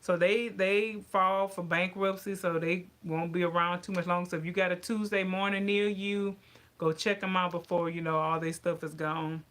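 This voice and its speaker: Bright-voiced woman chatting animatedly. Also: on the low side, normal speed. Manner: animated, ranting, talks to viewers as y'all. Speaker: vlogger. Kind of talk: casual chat to camera.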